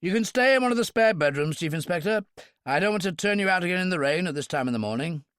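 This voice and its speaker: A man's voice: high voice, animated, quick pace, a bit bright, clear, resonant tone, no echo, voice pushed up. A man voicing a weary, commanding older British brigadier in an audiobook, exasperated and dry.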